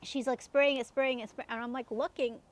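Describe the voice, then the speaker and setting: A woman's voice: high voice, steady tone, a little fast. A woman in her thirties telling personal stories in a casual, chatty way, laughing often and using many fillers. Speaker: self-help coach.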